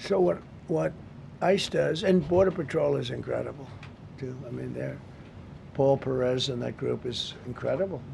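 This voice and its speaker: Mid-range and darkish, this man's voice carries vocal fry as he talks at a normal pace. He's in his seventies, making blunt, repetitive, off-the-cuff comments with rambling asides at a government press briefing, speaking into a podium microphone over slight background noise.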